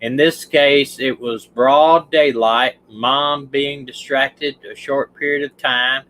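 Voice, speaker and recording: A man's voice: medium pitch, steady tone, slow pace, fairly bright tone, low-quality recording. A man with a Southern US accent, a retired detective hosting a livestream, talking through a case casually and restarting his sentences. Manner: rambling, restarts sentences, stumbles over words.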